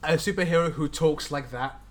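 A man's voice: on the high side, a little fast. A man co-hosting a film podcast, joking casually with hesitant restarts. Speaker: podcast co-host. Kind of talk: casual chat about films.

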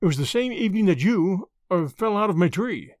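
A man's voice: sits high, animated, brisk, no echo, clean studio sound. A man reading the part of a polite, bewildered doctor who speaks hesitantly. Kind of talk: audiobook character reading.

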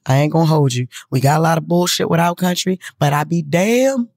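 A woman's voice: sits low, brisk, a little mellow, no room sound, clean studio sound. A woman hosting a podcast from the United States, talking bluntly and earnestly with lots of swearing, emotional as she speaks. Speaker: podcast host. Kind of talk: casual emotional monologue.

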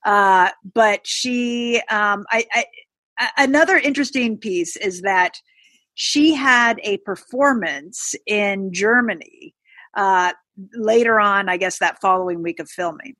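A woman co-hosting a casual chat, talking in a meandering way with frequent pauses. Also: mid-range voice, pushed and bright, no room sound. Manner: meandering, many fillers and restarts. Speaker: podcast co-host.

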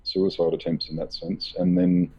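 Low husky man, halting storyteller. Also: level tone, highs cut off. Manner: halting, rambling, many fillers; laughs nervously. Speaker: author being interviewed. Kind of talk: candid conversational storytelling.

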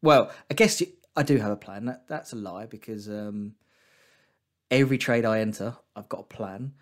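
A man's voice: fairly low pitch, moderate pace. Chatty man trading banter. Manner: chatty, teasing, thinks aloud with fillers. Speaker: guest trader. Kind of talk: casual podcast chat.

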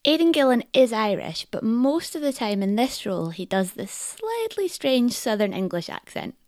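A woman's voice: fairly high pitch, big pitch swings, normal speed, darkish tone, no echo, studio quality. A woman presenting a feature in scripted narration, with a wry delivery.

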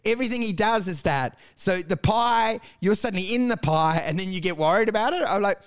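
An Australian podcast co-host rants and mocks amid heavy swearing and laughter in crude comedic chat. His high voice is expressive, brisk and smooth.

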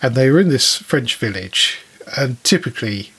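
A man's voice: mid-range voice, animated, normal speed, fairly bright tone, husky. A man co-hosting a podcast, telling listener stories in a chatty way with frequent chuckles. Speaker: podcast co-host. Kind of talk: casual podcast chat.

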